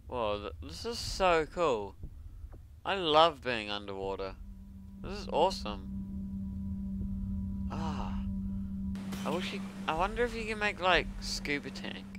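A man giving casual commentary as he plays a game, excitable and talking to himself, with sudden yelps and laughs. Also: on the high side, takes it slowly, pauses often, noisy background. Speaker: gaming video creator.

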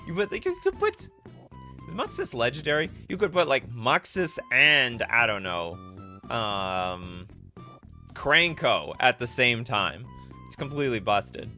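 Animated, bright-voiced man hosting a stream. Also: mid-range voice, a little slow, soft background music. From Canada (Winnipeg). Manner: animated, jokey, thinks aloud while reading chat. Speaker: livestream host. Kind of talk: casual live-stream chat.

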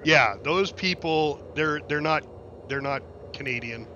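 A man's voice: a little high, unhurried, bright, forceful tone, lo-fi sound, slight background noise. A man hosting a casual gaming chat, blunt and teasing, laughing often. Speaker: streamer host.

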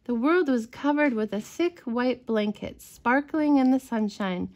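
Woman, bedtime story reader, gentle, expressive, slow, higher voice.

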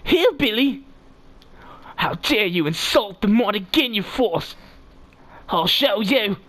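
A man's voice: high-pitched, expressive, slow pace, bright, forceful tone, full character voice. A young man voicing a boastful male alien elite squad leader, pompous and theatrical, in a game lobby.

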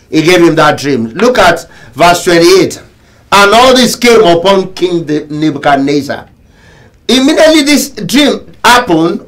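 A man preaching a sermon as pastor, emphatic and repetitive, with sudden shouts. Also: sits high, low-quality recording. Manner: emphatic preaching, repeats phrases and bursts into shouts.

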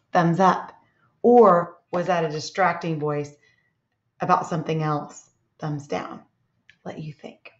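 A woman teacher giving a read-aloud lesson to young children, speaking gently and expressively and asking them questions. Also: on the low side. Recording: echoey room, dull lo-fi sound.

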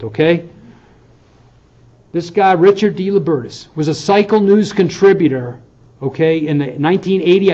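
A man's voice: on the high side, warm tone, highs cut off. Earnest man giving a farewell lecture. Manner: conversational, earnest, frequent "okay?" check-ins. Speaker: university professor. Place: lecture hall.

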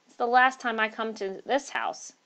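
A man's voice: very high voice, normal speed, pushed and bright, smooth. A woman voicing an uneasy, hearty male traveller. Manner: uneasy, then hearty and affable.

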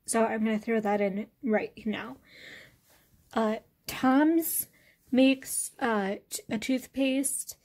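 Slow, relaxed woman reviewing products. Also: fairly high pitch. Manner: relaxed, hesitant, many fillers. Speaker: beauty vlogger.

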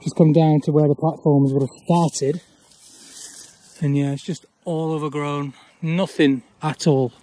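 A man, chatting casually as he walks an overgrown old railway path outdoors, often pausing on "uh". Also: fairly high pitch, fairly even intonation, warm tone, dry recording. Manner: chatty, with frequent "uh" pauses. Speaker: urban exploring vlogger. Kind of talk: casual walk-and-talk commentary.

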